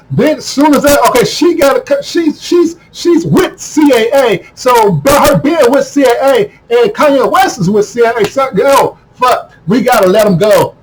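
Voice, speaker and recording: A man delivering a heated, profane monologue to camera, repeating himself and breaking into shouts. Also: very high-pitched, rough recording. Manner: heated, repetitive, swears constantly, bursts into shouting. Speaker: video commentator.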